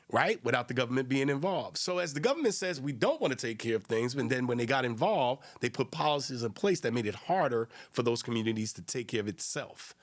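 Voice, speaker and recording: A man hosting a solo podcast, talking emphatically and conversationally and often checking in with the listener. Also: mid-range voice. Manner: emphatic, conversational, asks listeners rhetorical questions. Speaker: podcast host.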